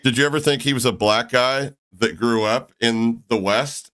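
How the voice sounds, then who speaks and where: A man hosting a live stream who argues in a measured, questioning way with dry sarcasm. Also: medium pitch, fairly bright tone. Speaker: streamer host.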